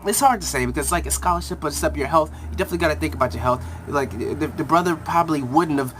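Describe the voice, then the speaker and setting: A young man talks through a show's episode in a loose, rambling way, full of slang and restarts. His voice sits a little high for a man. A faint hiss runs under the recording. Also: quick pace, fairly bright tone. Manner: rambling, slangy retelling with acted quotes. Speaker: TV reviewer. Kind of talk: casual episode recap.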